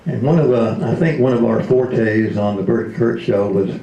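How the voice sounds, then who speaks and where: A man's voice: fairly low pitch, normal speed, hardly any pauses, mellow. A man in his seventies, a retired radio DJ, telling comic stories in a speech, laughing often and slipping into voices. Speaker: retired radio DJ, convention speaker. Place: convention hall. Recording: roomy hall.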